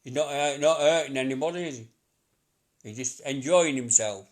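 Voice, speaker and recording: A man's voice: medium pitch, normal speed. A middle-aged man working as a psychic medium, giving a live reading to a sitter in a chatty, repetitive way, laughing often.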